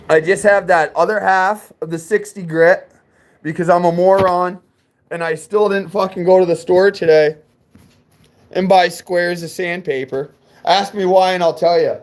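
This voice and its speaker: A man's voice: sits high, low-quality recording. A man from New England chatting casually on a livestream, rambling and swearing, fired up. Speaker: car audio livestreamer.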